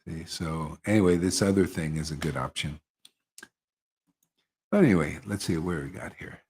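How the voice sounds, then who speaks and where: A man leading an informal devotional gathering, who talks in a loose, animated way, breaks into chuckles and mocks other people in put-on voices. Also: extremely low pitch, normal speed, husky. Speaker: spiritual teacher leading satsang.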